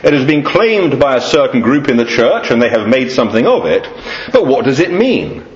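English preacher with lively pitch. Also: male voice. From England. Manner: measured, earnest preaching with rising emphasis and trailing low endings. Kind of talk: sermon. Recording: echoey room, dull lo-fi sound.

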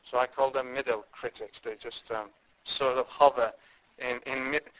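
A man's voice: medium pitch, fairly even intonation, normal speed. A man from India preaching a sermon, impassioned, with emphatic rises and repeated words. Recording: dull lo-fi recording.

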